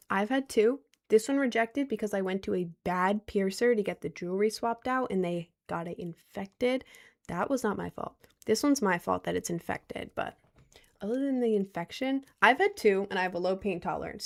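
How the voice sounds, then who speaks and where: A young woman chatting casually with her viewers, rambling and repeating herself in loose slang. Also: mid-range voice. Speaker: streamer answering chat. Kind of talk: casual chat.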